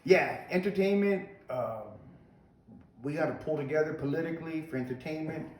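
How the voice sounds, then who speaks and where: A man's voice: fairly high pitch, moderate pace. A man, a comedian guest, talking earnestly and supportively in casual conversation. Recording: echoey room, distant mic, faint noise.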